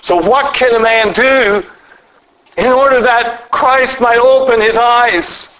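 Preacher, male, higher-pitched voice, earnest sermon delivery with emphatic climbs. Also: slight background noise, rough recording. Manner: lively pitch, slows down for emphasis.

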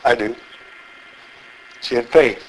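A man's voice: mid-range voice, takes it slowly, a little hiss or hum, rough recording. A man preaching a sermon, reading scripture and earnestly putting questions to his listeners. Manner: earnest, asks the listeners many rhetorical questions.

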